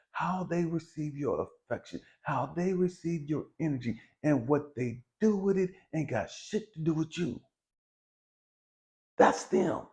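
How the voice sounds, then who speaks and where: A man giving a blunt, profane, preachy motivational spiritual talk, swinging between loud emphasis and hushed lines. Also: on the high side, vocal fry. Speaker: spiritual video host.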